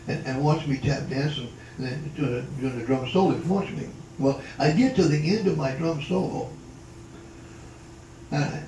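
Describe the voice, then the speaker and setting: His voice a little high and warm, an 80-something retired drummer and tap dancer rambles through stories from his life for a live family reunion crowd, restarting often and using lots of fillers. Captured from afar in an indoor hall, the audio is echoey with a faint hum.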